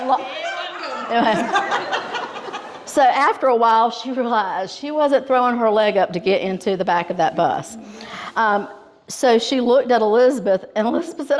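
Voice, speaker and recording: Brief: Southern woman presenting awards, laughing through a funny story, with a lively crowd behind her. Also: mid-range voice, unhurried. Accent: Southern US, Georgia. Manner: lively, laughing often while telling a story. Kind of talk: humorous storytelling speech. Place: school banquet hall with an audience. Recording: audience laughter in a hall.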